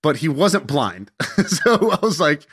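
A young man telling a casual anecdote in an animated, self-mocking way, swearing freely as he goes. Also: on the high side, a little slow, husky. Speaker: storyteller.

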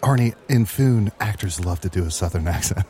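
A man co-hosting an improv comedy show with quick, wry remarks. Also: sits low, expressive, dark tone, slight background noise.

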